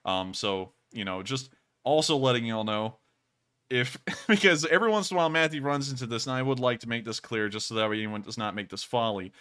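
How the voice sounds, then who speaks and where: A bright, forceful male voice carries this livestream host. He talks casually and earnestly in long, rambling runs and keeps thanking his viewers. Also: medium pitch, a little fast, smooth. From United States.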